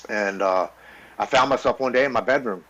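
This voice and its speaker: A man's voice: mid-range voice, brisk, a bit bright, muffled recording. A man in his forties telling his own recovery story as a podcast guest, earnest and blunt, stumbling over repeated words. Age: 40s. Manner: earnest, stammering repeats while recounting; blunt, with casual swearing.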